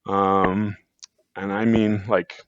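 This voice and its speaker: A man's voice: fairly low pitch, flat delivery, drawn-out words, smooth, dry recording. A man talking as a podcast guest in a rambling, casual way, full of fillers and restarts. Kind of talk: casual chat. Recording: dull lo-fi sound.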